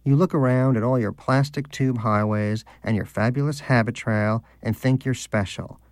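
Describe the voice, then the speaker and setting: A man's voice: mid-range voice, moderate pace, no echo, lightly acted. A man voicing a pompous, devout male pet hamster who lectures in a lofty, condescending manner, as an audiobook character. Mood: preachy.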